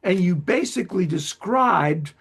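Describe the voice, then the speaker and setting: A man from Long Island hosting an interview in a chatty, self-deprecating way, quick to laugh. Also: high-pitched, expressive, gravelly, fairly bright tone, slightly rough. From Long Island, United States. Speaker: host. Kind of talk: conversational interview.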